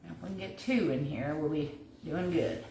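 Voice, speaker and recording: In a casual livestream, a crafter talks while working on a project in her home kitchen, chatting and thinking aloud. Her ordinary-pitched voice is creaky and dark, at normal speed. A distant mic captures it in an echoey room over a faint hiss.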